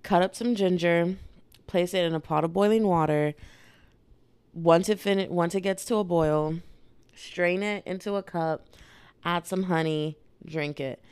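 A woman's voice: on the low side, steady tone, a little slow, a little mellow, smooth, no echo. A woman hosting her own podcast, chatting in a playful, rambling way while congested from a cold. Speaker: podcast host. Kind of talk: casual solo podcast chat.

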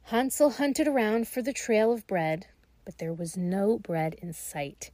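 A woman reading a fairy tale aloud in a slow, gentle and expressive way. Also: medium pitch, no room sound. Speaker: storyteller.

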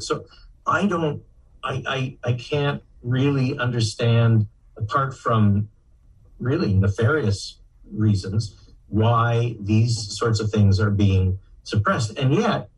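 An older man answering interview questions in a measured way, with hesitations and fillers. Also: medium pitch, slightly rough, recorded from a distance, rough recording. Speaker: guest researcher.

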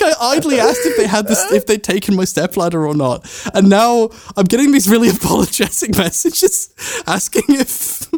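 A man co-hosting a podcast, casually telling an anecdote in animated bursts that break into laughter. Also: sits high, dry recording. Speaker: podcast co-host.

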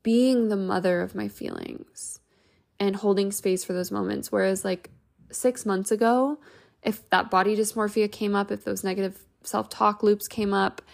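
A young woman hosts a self-help podcast, speaking gently and reflectively in loose, flowing sentences. Her voice sits at an ordinary middle pitch with a noticeable gravelly fry running through it. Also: unhurried. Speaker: podcast host.

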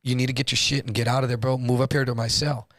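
A man voicing a fellow male inmate who quietly and urgently warns him to get out, in a low, hushed voice. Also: little pitch movement, fast, dry recording, studio quality, close to an everyday voice. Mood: urgent warning. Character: hushed older male inmate giving a warning.

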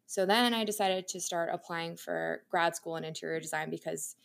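A woman's voice: on the low side, normal speed, vocal fry. A young adult woman, an interior designer guesting on a podcast, telling her career story in a candid, chatty way, laughing often.

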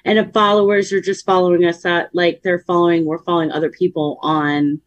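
A woman's voice: lowish voice, flat delivery, fairly quick, lo-fi sound. A woman co-hosting a casual podcast who keeps asking questions. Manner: curious, asks many questions. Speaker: podcast co-host.

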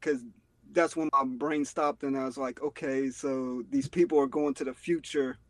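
A man chatting on a podcast, speaking haltingly with many pauses. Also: medium pitch, fairly even intonation, dry recording, low-quality recording. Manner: hesitant, halting, unhurried. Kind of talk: casual chat.

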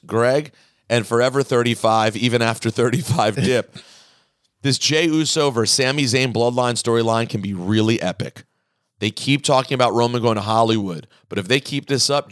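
Male podcast host, mid-pitched, close dry mic, animated mailbag reader. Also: moderate pace, no room sound. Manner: animated, reads listener emails aloud. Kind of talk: casual chat, reading mailbag.

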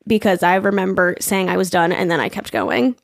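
A woman's voice: fairly low pitch, brisk, creaky, no room sound, studio quality. Chatty young woman, laughing a lot. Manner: chatty, laughs often, lots of "like". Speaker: podcast co-host. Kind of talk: casual chat.

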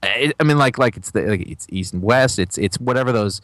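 Male podcast co-host, close dry sound, quick jokey asides. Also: mid-range voice, animated, a bit bright, no echo. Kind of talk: casual chat.

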